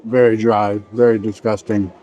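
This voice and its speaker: A middle-aged man with a fairly low voice talks his way through a food-tasting vlog. He rambles and trails off mid-sentence between bites, recorded inside a restaurant. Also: level tone, moderate pace, warm tone, muffled recording. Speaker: vlogger reviewing a buffet. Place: indoor buffet restaurant.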